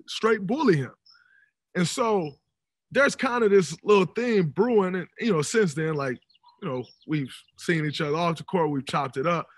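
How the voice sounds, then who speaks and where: A man in his thirties, a podcast guest telling stories in an animated, emphatic way. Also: sits high, breathy edge, no echo. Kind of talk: casual podcast conversation. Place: podcast studio.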